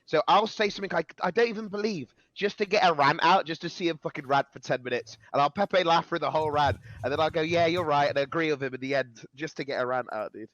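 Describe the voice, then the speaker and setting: A man's voice: on the high side, quick pace, hardly any pauses, a bit bright, no room sound, muffled recording. A man teasing and joking on a voice-call podcast, playful and swearing. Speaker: podcast guest. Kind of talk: casual podcast chat.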